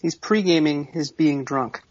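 Man, has a cold, husky, dull internet call audio, deadpan co-host. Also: a little high, measured pace, dry recording. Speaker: podcast co-host. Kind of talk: casual chat.

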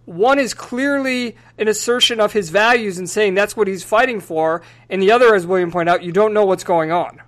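A man's voice: high-pitched, moderate pace, few pauses, fairly bright tone. A man hosting a casual film podcast, talking through scenes analytically and acting out bits with energy. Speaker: podcast host.

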